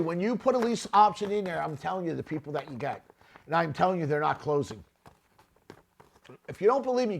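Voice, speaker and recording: Gravelly middle-aged guy ranting about deals, high-ish voice, swears a lot, keeps saying okay. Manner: blunt and profane, keeps tagging lines with "okay?"; grows louder and more heated, shouting at times. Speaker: real estate investor and podcast host. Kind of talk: unscripted critical commentary.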